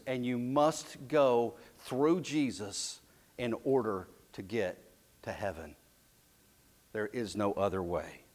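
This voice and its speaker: A man preaching a sermon as pastor, slow and emphatic, dropping his voice low and soft for key lines. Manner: slow, emphatic preaching with dramatic drops to a hush.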